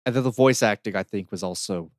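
Brief: man, lower voice, relaxed podcast co-host, dry close sound, chatty with fillers. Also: fast talker, dry recording. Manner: easygoing, laughs often, many fillers. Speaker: podcast co-host reviewing games. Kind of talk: casual chat.

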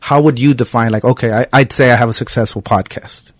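A man's voice: mid-range voice, steady tone, fast, dry recording. A man hosting a podcast in a loose, casual chat, rambling with lots of filler words. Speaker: podcast host. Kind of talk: casual conversational interview.

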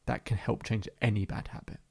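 A man with a gravelly, husky voice tells a client story at an even, measured pace. He repeats phrases as he goes, like a therapist walking a listener through a session. His delivery stays calm throughout. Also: lowish voice. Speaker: hypnotherapist and podcast host. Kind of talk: storytelling podcast monologue.

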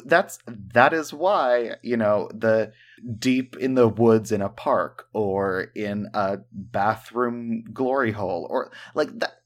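A man co-hosting a casual podcast, animated and joking, with plenty of profanity. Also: fairly low pitch. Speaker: podcast co-host. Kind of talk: casual chat.

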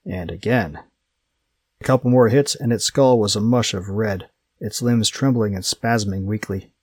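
A man reading a story aloud as an audiobook narrator, steady and measured. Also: fairly low pitch, breathy edge, no echo. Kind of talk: scripted narration.

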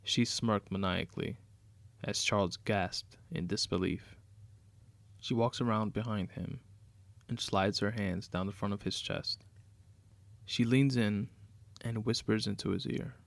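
A man narrating a dark crime story aloud in a steady, matter-of-fact way. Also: fairly low pitch, unhurried, creaky, no room sound.

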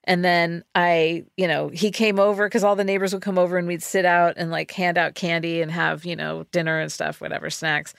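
Low-voiced woman, amused podcast co-host. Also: level tone, fairly quick, vocal fry, few pauses, dry recording, studio quality. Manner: responsive, amused listener with short replies. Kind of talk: casual chat.

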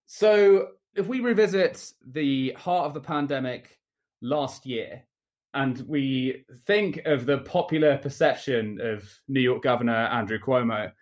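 Measured male podcast host. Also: mid-range voice. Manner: measured, formal questioning. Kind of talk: podcast interview.

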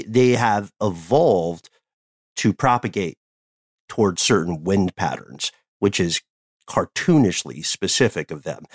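A man's voice: on the low side, no echo, clean studio sound. A man co-hosting a casual chat podcast, rambling, punning and laughing easily. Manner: wordplay-loving, digressive, laughs easily. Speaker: podcast co-host.

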